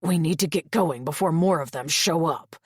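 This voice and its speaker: A woman voicing a gruff, menacing male wolf shifter warrior with a deep growling rumble, speaking low, clipped and commanding. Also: normal speed, no echo, clean studio sound. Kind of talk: audiobook character voice.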